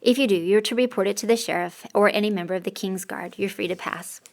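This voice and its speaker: A woman's voice: medium pitch, quick pace, natural voice. A woman voicing a condescending male soldier with a Western accent. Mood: officious. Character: smirking male soldier sergeant from the West.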